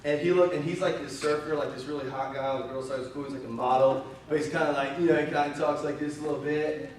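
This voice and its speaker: A man preaching a storytelling sermon as youth pastor, animated and conversational, his voice a little strained. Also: fairly high pitch, quick pace, slight background noise. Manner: animated, conversational, breaks into laughter. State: slightly strained voice. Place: church hall. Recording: very echoey hall, voice from far off.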